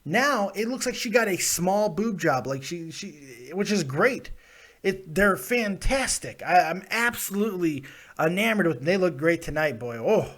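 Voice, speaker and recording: Man, high voice, call-in show host, blunt, profane, laughs a lot. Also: animated, a little slow, a bit bright. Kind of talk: casual live call-in chat.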